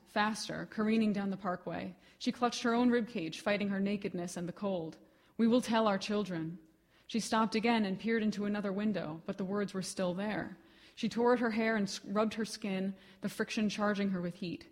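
At a live literary reading event, a woman reads her own fiction aloud. Her delivery is measured and expressive, at a middle pitch for a woman.

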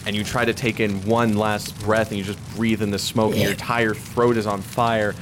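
A man with a very low, deep voice narrates a tabletop role-playing game as its game master. He builds suspense with vivid description and lingering pauses. A steady background noise sits clearly under the recording.

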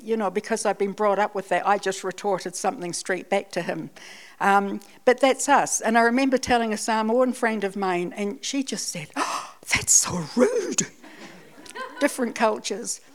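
A woman's voice: medium pitch, normal speed. A Scottish woman giving a sermon, telling a personal testimony in a chatty, self-deprecating way. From Scotland. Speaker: church speaker.

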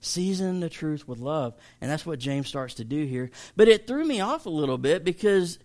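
A man's voice: fairly high pitch, big pitch swings, normal speed, a little mellow. A man, a pastor teaching an evening Bible study in a chatty, emphatic way that jokes with listeners.

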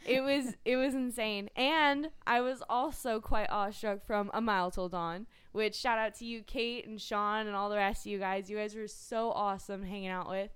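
A woman's voice: mid-range voice, steady tone, moderate pace, hardly any pauses, a bit bright, clean tone, no echo. A young woman co-hosting a radio show in casual, teasing, gushing chat.

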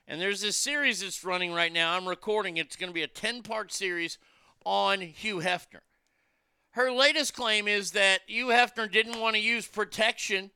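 A man's voice: sits high, bright, forceful tone, clear, resonant tone, dry recording, clean studio sound. A man hosting a podcast, delivering a blunt, profane, exasperated opinion rant. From United States.

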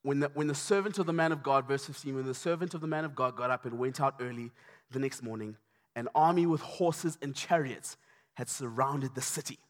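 A man preaching a sermon, passionate and repetitive, building to shouts. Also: medium pitch, brisk. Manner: impassioned, repetitive, rising to shouts. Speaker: pastor.

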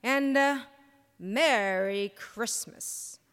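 A woman's voice: on the high side, extremely slow, a bit bright, smooth. A woman voicing a battered young man who speaks solemnly and with formal, defiant politeness. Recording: long hall reverb, live stage.

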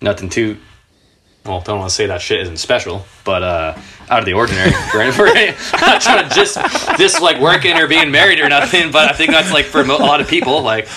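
Bright-voiced man telling skate stories. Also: expressive, fast talker, slight background noise. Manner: laid-back, swears a lot, laughs through stories; raises his pitch a lot when quoting people. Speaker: guest, skateboarder. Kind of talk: casual podcast storytelling.

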